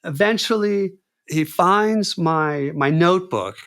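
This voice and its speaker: A man's voice: sits high, takes it slowly. A man telling a story as a podcast guest, acting out the people he quotes and talking casually with lots of "dude" and "man.". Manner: animated, acts out quoted dialogue; says "dude" and "man" often.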